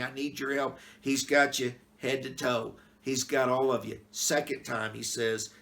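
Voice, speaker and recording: Folksy middle-aged pastor, easygoing. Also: male voice, medium pitch, gravelly, fairly bright tone. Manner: folksy, conversational, plain-spoken. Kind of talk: casual devotional Bible talk.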